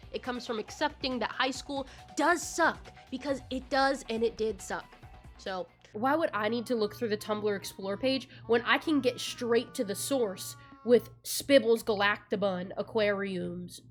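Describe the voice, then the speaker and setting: A woman in her twenties recapping musicals in a casual video commentary, sarcastic, excitable and quick to swear. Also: a little high. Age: 20s. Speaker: YouTuber.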